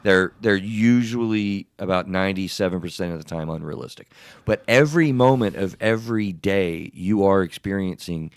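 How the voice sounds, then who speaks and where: Animated low-voiced male podcast host. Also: moderate pace, smooth, dry recording, studio quality. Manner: animated, wordy, repeats himself. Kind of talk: casual podcast discussion.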